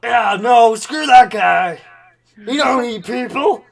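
A man voicing a brash, silly male T-rex puppet on a webcam video chat, gravelly and rowdy, shouting and making mouth noises. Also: very high voice, lively intonation, takes it slowly, full character voice. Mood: goofy.

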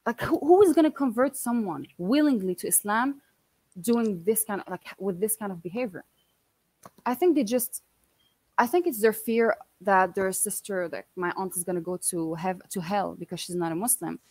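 A woman in her twenties telling a personal story in an interview, animated and blunt, often quoting what people said. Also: mid-range voice, normal speed, no echo, poor audio. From Canada. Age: 20s. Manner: animated, quotes others often, swears casually. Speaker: guest.

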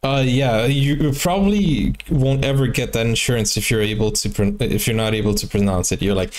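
A man's voice: medium pitch, moderate pace, hardly any pauses, darkish tone. A man hosting a reaction video, chatting casually, laughing at himself and tripping over his words. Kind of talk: casual chat.

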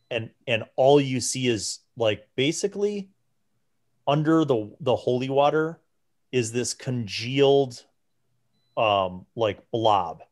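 A man narrating a tabletop role-playing game as game master, in a relaxed way with many restarts and fillers. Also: mid-range voice.

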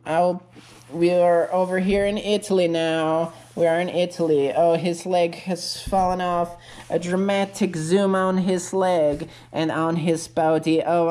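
A woman giving an absurd, crude, deadpan comedic narration that rambles with many fillers. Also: on the low side. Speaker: creator of a parody video.

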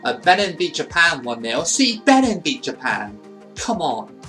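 A man's voice: fairly high pitch, very animated, measured pace, bright, forceful tone, faint music behind, poor audio. A young man giving casual commentary on a football video game, swearing and ranting at the computer opponent. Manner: frustrated, swears, rants at the game. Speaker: gaming YouTuber.

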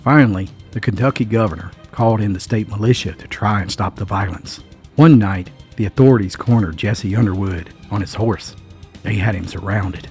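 A man's voice: lowish voice, normal speed, a little mellow. A man narrating a dramatic mountain feud story, building suspense with folksy, emphatic asides. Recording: faint music underneath.

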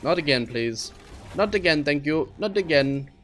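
A man hosting a let's play, talking to himself and his viewers, puzzled and exasperated, with high squeals when surprised. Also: expressive, normal speed, fairly bright tone, a little hiss or hum. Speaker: gaming channel host.

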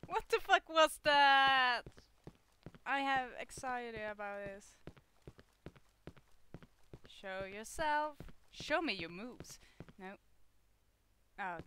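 A woman with a sore throat doing let's play commentary on a horror game, jumpy and swearing, switching between hushed muttering and loud outbursts. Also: high-pitched, lively intonation, slow, long pauses, slight background noise. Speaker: gamer playing a horror game.

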